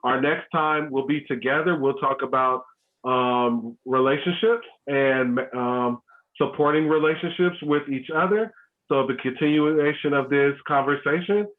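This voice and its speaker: A man hosting an online family workshop for a school, talking casually with many ums and restarts. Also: fairly high pitch. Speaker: host of a school family learning session. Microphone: video call. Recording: tinny phone-like video call audio.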